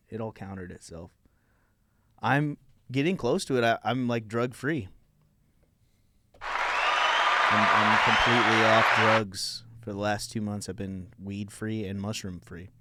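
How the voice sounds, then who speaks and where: A man's voice: lowish voice, bright, forceful tone. A young man hosting a comedy podcast, rambling crudely in laid-back casual chat. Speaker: podcast host.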